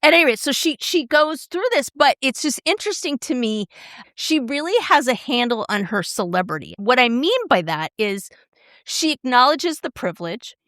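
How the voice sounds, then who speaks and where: A woman's voice: high-pitched, big pitch swings, moderate pace, fairly bright tone, no echo, studio quality. A middle-aged woman co-hosting a podcast, chatting casually and retelling stories with lots of "like" and "right?". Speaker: podcast co-host. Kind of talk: casual chat.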